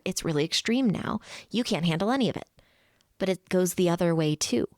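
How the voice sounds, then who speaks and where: A woman hosts a podcast, talking listeners through a psychology topic in a voice pitched on the low side. She slips into quick quoted inner thoughts and laughs lightly between points. The sound is dry and close, with no room around it. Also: no echo. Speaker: podcast host.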